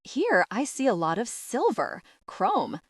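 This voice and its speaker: A woman voicing a pompous, rich foreign-accented man who speaks slowly and heavily. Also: on the high side, huge pitch swings, breathy edge, dry recording, clean studio sound, pitched above the performer's own voice, exaggerated voice.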